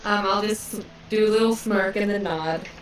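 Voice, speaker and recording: A woman's voice: medium pitch, moderate pace. A woman playing a tabletop game, hesitant with short dry replies. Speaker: player. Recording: roomy, distant from the mic, faint hiss.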